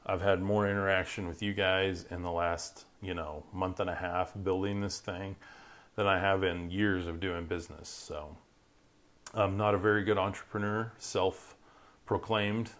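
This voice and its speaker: Very deep-voiced man hosting a faith live stream. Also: level tone, moderate pace, a bit bright. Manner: upbeat, rambling, reads viewer comments aloud. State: voice worn from talking. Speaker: Christian podcast host. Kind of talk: casual live-stream chat.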